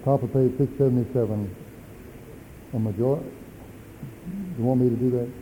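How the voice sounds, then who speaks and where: Moderator: man, measured procedural chairing, dull archival audio with faint background hiss. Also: mid-range voice, fairly even intonation. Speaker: moderator of a church assembly. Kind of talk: parliamentary chairing. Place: large assembly hall.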